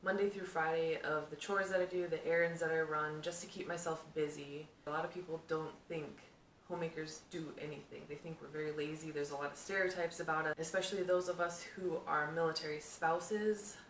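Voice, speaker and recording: A young woman chatting casually to camera, answering questions about herself in a lively storytelling way. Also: low-pitched, fairly quick, a little hiss or hum. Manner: chatty, animated storytelling with laughs. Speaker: vlogger, homemaker. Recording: echoey room, mic at a distance.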